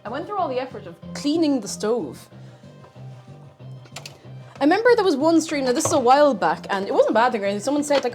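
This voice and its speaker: A woman's voice: high voice, lively intonation, fast talker, long pauses, darkish tone, soft background music. Playful, rambling woman streaming from her kitchen. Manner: playful rambling banter with chat. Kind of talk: casual cooking livestream chat. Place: home kitchen. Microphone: streaming mic.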